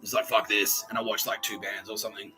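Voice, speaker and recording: A man's voice: on the low side, little pitch movement, racing, music in the background, rough recording. A man hosting a podcast, talking in a rambling, profane solo monologue and acting out quotes in voices. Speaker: podcast host.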